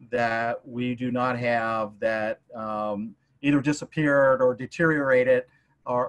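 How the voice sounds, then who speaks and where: A man, a museum curator, speaking hesitantly with many filler sounds in a casual livestream discussion. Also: medium pitch.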